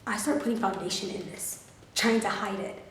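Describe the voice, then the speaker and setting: A woman in her twenties telling a storytime to her camera, animated, profane and full of "like" fillers. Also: mid-range voice, moderate pace, far from the mic, slight background noise. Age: 20s. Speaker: vlogger. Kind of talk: storytime vlog. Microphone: camera filming herself. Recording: roomy, mic set back.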